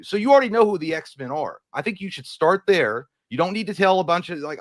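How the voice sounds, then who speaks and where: A man co-hosting a casual movie news show, animated and rambling, swearing freely. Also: high voice, brisk, dry recording. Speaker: podcast co-host.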